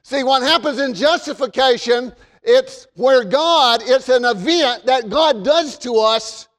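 A man preaching a sermon from the pulpit in an emphatic way, repeating phrases and rising to shouts. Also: very high voice, unhurried. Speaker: pastor. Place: church sanctuary. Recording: long reverb of a large hall.

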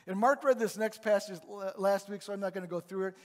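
A man's voice: high voice, quick pace. A male pastor preaching a sermon in a conversational, emphatic way in a church. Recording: long reverb of a large hall.

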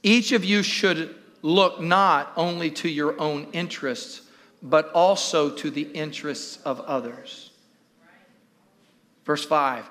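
A man preaching in church with a high, bright voice. He is animated and keeps repeating questions to the congregation. The delivery is a full live sermon. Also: slow pace. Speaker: pastor.

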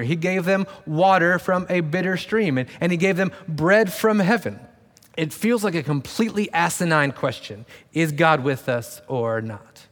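A man's voice: on the high side, a bit bright. Man preaching a casual sermon in a reverberant hall. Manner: conversational and self-deprecating, with sarcastic asides. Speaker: pastor. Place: church sanctuary. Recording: long reverb of a large room.

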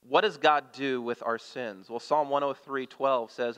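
A man's voice: mid-range voice, fairly even intonation, measured pace, hardly any pauses, a bit bright, clean tone. A man preaching a sermon as a pastor. He reads scripture aloud with rising emphasis and puts questions to the congregation. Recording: long reverb of a church hall.

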